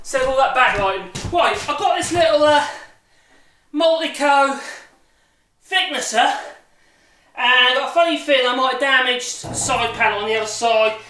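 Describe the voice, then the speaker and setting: Pitched extremely high, this man's pushed, bright voice moves at a moderate pace with long pauses. He's a hobby woodworker chatting casually in a home workshop vlog, rambling and backtracking as he explains a machine. An echoey room, a distant mic and background noise mark the recording.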